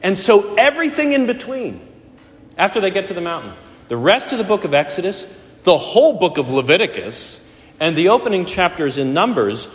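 A middle-aged man preaching a sermon in a church, conversational and gently humorous. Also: fairly high pitch. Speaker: pastor. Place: church sanctuary. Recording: echoey church hall.

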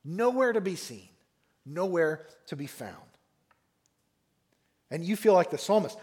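A man's voice: sits high, animated, measured pace, long pauses, darkish tone. A man preaching a sermon on a psalm, speaking expressively and acting out the mockers and the psalmist in raised voices. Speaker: pastor.

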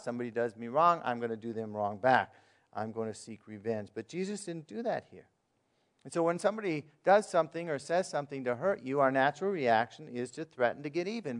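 A man preaching a sermon in a plain, conversational way, asking his listeners questions and reading verses aloud. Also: medium pitch. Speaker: pastor.

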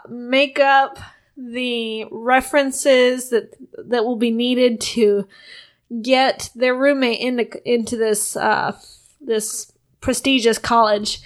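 A woman co-hosting a podcast in casual chat, eagerly retelling comedy sketches she loves. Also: on the high side. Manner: enthusiastic, retells sketches with acted quotes. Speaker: podcast co-host.

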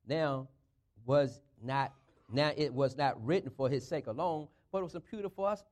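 A man's voice: a little high, moderate pace, darkish tone. A male preacher delivering a sermon with an emphatic, call-and-response style, building phrases up and driving them home, with speech patterns.

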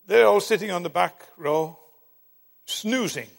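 A man preaching a sermon, telling stories with dramatic emphasis and long pauses. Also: high voice, vocal fry. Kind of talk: sermon with storytelling. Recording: long hall reverb.

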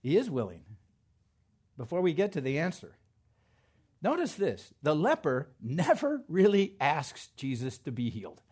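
Animated high-pitched male preacher. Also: unhurried, slightly rough. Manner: swings from quiet to loud emphatic, preaching to a congregation. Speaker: pastor. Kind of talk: sermon.

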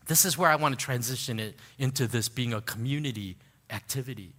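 A man preaching a sermon, telling a personal story in an animated way, laughing at himself and dropping soft and low when he turns to prayer. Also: fairly quick. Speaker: pastor. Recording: long hall reverb.

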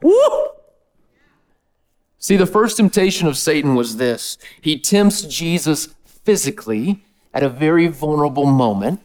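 A man preaching a sermon in an energetic, casual way, with slang. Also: fairly high pitch, moderate pace. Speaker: pastor.

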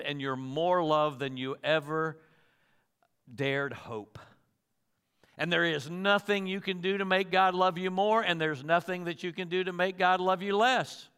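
A man's voice: a little high, unhurried, a bit bright, smooth, in a large hall. A man preaching a sermon, talking earnestly to his listeners with rhetorical questions and voicing the people and words he quotes. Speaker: pastor.

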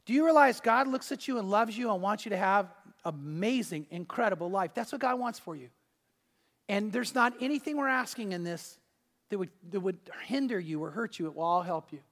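A man preaching a sermon, telling a story and swinging between loud and hushed delivery. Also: high-pitched, lively intonation, a little fast, in a large hall. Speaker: pastor. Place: church hall.

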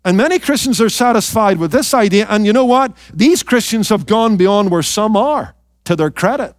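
A male pastor preaching a sermon, emphatic, questioning his listeners and dropping into quiet, intense asides. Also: high voice, lively intonation, moderate pace, no echo, studio quality. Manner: addresses listeners directly with rhetorical questions.

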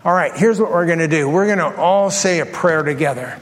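A man preaching a sermon as pastor, telling a story with lively, acted-out asides to his congregation. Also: on the high side, fairly quick. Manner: animated storytelling, acts out his own thoughts. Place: large church hall. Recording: long hall reverb.

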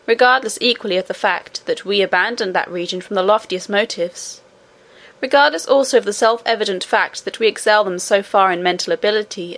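A woman reading aloud and voicing a scheming male goblin chancellor who speechifies to a crowd in a slightly lower, quicker voice. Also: fairly bright tone, natural voice.

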